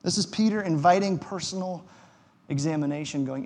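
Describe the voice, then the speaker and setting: High-voiced male pastor in a reverberant hall. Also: moderate pace. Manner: conversational, emphatic preaching with quips. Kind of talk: sermon.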